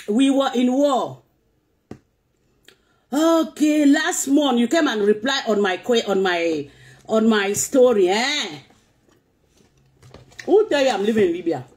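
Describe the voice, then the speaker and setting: A woman confronts her online critics in a slow, deliberate rant. Her voice sits a little high, and she hammers the same taunting questions again and again. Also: darkish tone. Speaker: social media vlogger reading comments. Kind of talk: ranting live-stream talk.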